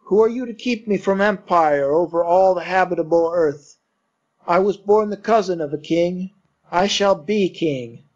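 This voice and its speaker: A man's voice: high voice, normal speed, voice pushed up. A man reading aloud and voicing a deranged young man who rants feverishly about claiming a crown. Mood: raving, furious. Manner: feverish, grandiose, shouting. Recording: dull lo-fi recording.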